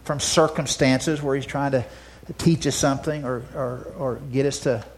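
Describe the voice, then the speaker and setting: A male pastor preaching a sermon. He moves from loud, emphatic declarations to soft, hushed asides and often repeats words as he restarts phrases. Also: mid-range voice, fairly even intonation, moderate pace, a little hiss or hum.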